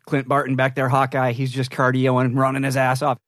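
A man on a comedy podcast who tells crude stories at a rapid clip, swearing as he goes. The recording is close and dry. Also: mid-range voice, completely flat delivery, fairly bright tone, no room sound. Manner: rapid storytelling with profanity. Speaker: podcast co-host. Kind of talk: casual comedic podcast banter.

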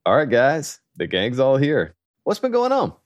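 A man's voice: mid-range voice, wildly swooping pitch, normal speed. A man hosting a podcast, casually chatting with old friends and leading the talk. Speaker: podcast host. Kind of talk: casual chat among friends.

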